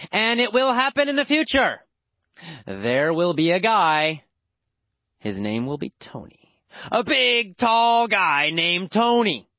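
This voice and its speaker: An animated male teacher of English speaks slowly, telling a story with big pitch swings and exaggerated repetition as an emphatic lesson. There's no echo, and the lo-fi recording is dull and dry.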